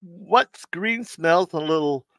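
Man, live stream host, corny jokes, stumbles over words, slow delivery, dry sound. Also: a little high, lively intonation, a bit bright, dry recording. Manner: tells corny jokes, stumbles and restarts, laughs at own jokes. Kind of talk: casual joke telling.

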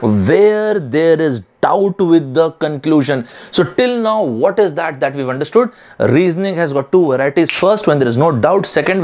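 A male teacher lectures online for an exam prep class. His voice sits a little high and swings widely in pitch. He keeps repeating key terms and puts on his students' questions, then answers them himself. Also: a little mellow.

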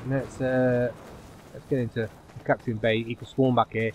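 A man giving live commentary over his own online shooter match, dropping to low muttering and then yelping loudly when the action heats up. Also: moderate pace, slight background noise. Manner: excitable, swings from low muttering to loud yelps. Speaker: gaming YouTuber.

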